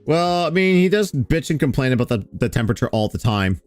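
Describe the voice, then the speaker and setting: Male host, mid pitch, laid-back sardonic commentary, faint music underneath. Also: fairly quick, dry recording. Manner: relaxed, rambling, sardonic with fillers. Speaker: host reacting to clips. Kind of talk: casual commentary over clips.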